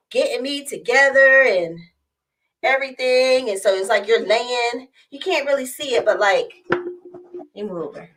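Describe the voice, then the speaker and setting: Woman vlogger, young adult, casual storytelling, animated quotes, laughs a lot, fairly high voice. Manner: animated, acts out quotes in a raised voice, laughs often.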